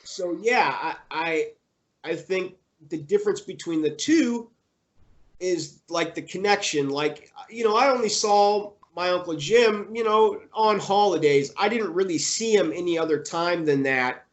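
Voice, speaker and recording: Halting young man recounting loss. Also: high-pitched. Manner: halting, many fillers and restarts. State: emotional. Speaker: interviewee. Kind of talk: personal storytelling in conversation.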